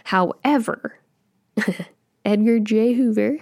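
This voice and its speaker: A woman with a Canadian accent co-hosting a casual podcast, chatty and quick to laugh, reading from her notes. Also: on the high side, darkish tone. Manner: chatty, laughs often, reads notes aloud. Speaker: podcast co-host.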